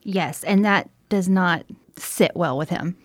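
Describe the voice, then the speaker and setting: A woman's voice: lowish voice, slow pace, no echo, studio quality. Woman co-hosting a crime podcast. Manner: adds details, affirms the other host often. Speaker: podcast co-host. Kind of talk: casual true-crime chat.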